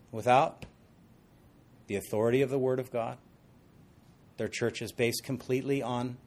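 A middle-aged man preaching an expository sermon as pastor, conversational and animated, with jokey asides. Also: on the high side.

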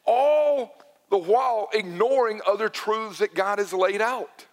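A man with a high-pitched voice delivers a sermon in a church sanctuary. He moves between storytelling and emphatic repetition of his key points. His words carry a long reverb from the large hall. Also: animated, a little slow. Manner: storytelling, emphatic with repeated phrases. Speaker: pastor.

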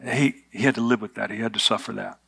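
A man's voice: fairly low pitch, fairly even intonation, fast, creaky, a bit bright, breathy edge. Conversational male preacher. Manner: conversational, humorous, with rhetorical questions. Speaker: pastor. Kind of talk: sermon.

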